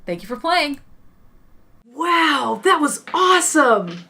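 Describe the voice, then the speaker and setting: A woman's voice: high-pitched, big pitch swings, takes it slowly, sharp tone, slight background noise. A young woman commenting enthusiastically as she plays a game. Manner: enthusiastic, gushing. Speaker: game video creator. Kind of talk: let's play commentary.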